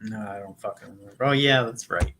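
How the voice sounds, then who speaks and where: A man's voice: fairly low pitch, fast talker, bright, forceful tone, a little hiss or hum. A man co-hosting a podcast in casual chat, loose, profane and joking. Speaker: podcast co-host.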